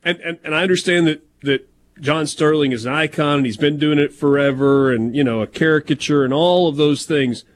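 A man's voice: fairly high pitch, a little fast. A man with a Southern American accent hosting sports talk radio, chatty, teasing and prone to digressions. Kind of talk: casual sports radio banter.

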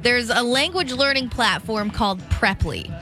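Bright, animated young woman radio host. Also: fairly high pitch, moderate pace, soft background music. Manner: animated storyteller, acts out quotes. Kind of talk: casual on-air banter.

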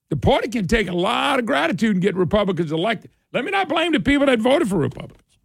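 A high-voiced man with gravelly fry hosts political talk radio, ranting in a sarcastic, folksy way. His pitch swings widely and his pace is a little fast. The audio is close, dry, and echo-free.

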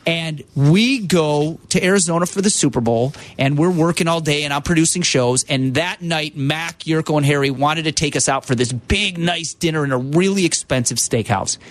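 A man, a radio producer, telling a lively story on a sports radio show. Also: on the high side, normal speed, hardly any pauses. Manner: animated storyteller, talks in bursts.

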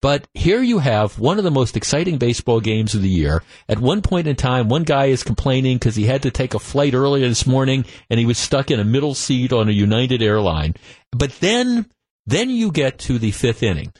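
A man hosting call-in sports radio, venting in an animated, worked-up way and tripping over his words as he restarts sentences. His voice is close and completely dry, with no room sound at all. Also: mid-range voice, moderate pace, no echo. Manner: animated, exasperated ranting with frequent restarts. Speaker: radio talk show host. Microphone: studio microphone.

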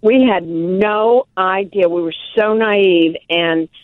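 An older woman from Milwaukee, telling animated, self-deprecating stories as an interview guest. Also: mid-range voice, slow, no echo. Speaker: guest, actress and author. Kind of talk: casual interview storytelling. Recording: tinny phone line, dry.

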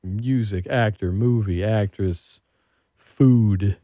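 A man hosting a radio show, chatting casually and telling stories with animated excitement. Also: on the low side, slow, no room sound. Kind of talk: casual chat.

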